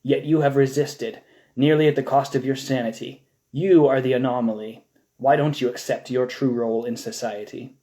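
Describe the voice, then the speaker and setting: Cold clinical interrogator voice read by a man, flat and insistent, mellow low tone, live audiobook reading. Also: normal speed, natural voice. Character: cold unseen interrogator voice of a prison system.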